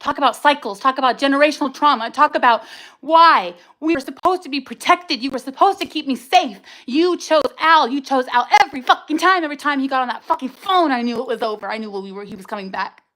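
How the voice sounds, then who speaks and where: A woman hosting a livestream speaks fast in a high, bright, forceful voice over a low-quality recording. She gives an emotional personal testimony, angry and raw, cursing and talking in bursts.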